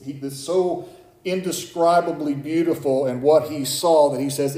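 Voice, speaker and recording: A man preaching a sermon as pastor, building from low, quiet warnings to high, urgent calls. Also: fairly even intonation, a little slow, reverberant.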